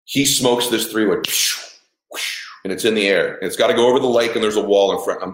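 A middle-aged father telling a personal story in an emphatic way. He swears, acts out the dialogue and breaks into shouts at the high points. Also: fairly quick. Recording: echoey room.

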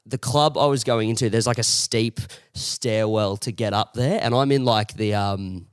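A man's voice: on the low side, normal speed, clear, resonant tone, no echo, clean studio sound. A man, a comedian co-hosting a podcast, telling rambling anecdotes. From Australia. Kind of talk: casual comedic chat.

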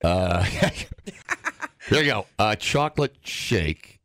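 Male radio co-host, gravelly, hugely expressive delivery, dry close-miked studio sound, prone to outbursts. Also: on the low side, extremely slow, no echo. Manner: animated, swings into loud outbursts, laughs often. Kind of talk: casual morning show banter.

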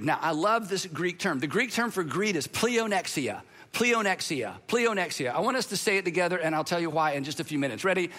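A male pastor delivering a sermon in an animated, conversational way, speaking directly to his listeners. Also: sits high, brisk. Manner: animated, conversational preaching with asides to the audience.

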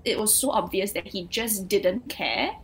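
A woman's voice: medium pitch, a little slow, vocal fry, rough recording. A young woman, co-hosting a casual pop culture podcast and talking in a chatty way with many fillers. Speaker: podcast co-host.

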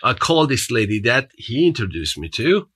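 A man's voice: medium pitch, very animated, normal speed, fairly bright tone, breathy edge, dry recording. A man with a foreign accent, a podcast guest telling his story in an earnest, motivational way with frequent restarts. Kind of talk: storytelling in an interview.

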